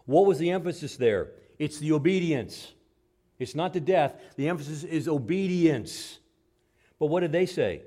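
A man preaching a sermon, emphatic, posing rhetorical questions and swinging between loud and soft. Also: fairly high pitch, animated, moderate pace.

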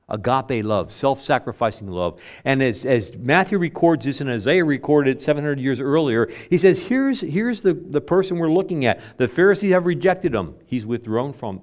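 Male pastor mid-sermon, mid-pitched voice, swings from emphatic to hushed. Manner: preaching with big swings between loud emphasis and soft, low asides.

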